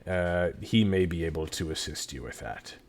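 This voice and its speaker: A man voicing an older male dwarf who is gruff but kindly, with a folksy, drawn-out manner. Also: low voice, slight background noise, pitched below the performer's own voice.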